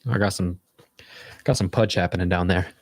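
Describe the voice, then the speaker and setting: Low-voiced man musing casually. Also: steady tone, moderate pace, slight background noise. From United States. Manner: loose, rambling, reflective. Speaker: livestream host. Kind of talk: casual livestream chat.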